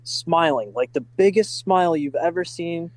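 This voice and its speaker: Enthusiastic man with a higher voice. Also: moderate pace, no room sound, rough recording. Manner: enthusiastic, many fillers like "like" and "uh". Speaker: podcast guest, driving school staff. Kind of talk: casual storytelling.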